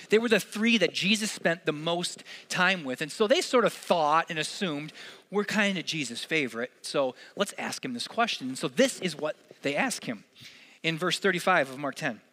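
A man's voice: high-pitched, sharp tone. A man preaching a sermon as pastor, conversational and earnest, with casual asides.

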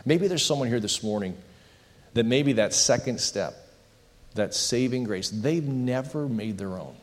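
A man preaching as a pastor and leading an earnest closing prayer, slowing down on the words he wants to land. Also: lowish voice. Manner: earnest, pleading, slows on key phrases. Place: church sanctuary. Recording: long hall reverb.

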